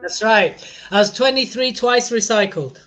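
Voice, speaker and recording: A man co-hosting a podcast, joking and energetic and laughing often. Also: high-pitched, normal speed, faint music behind. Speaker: podcast co-host. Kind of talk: casual chat.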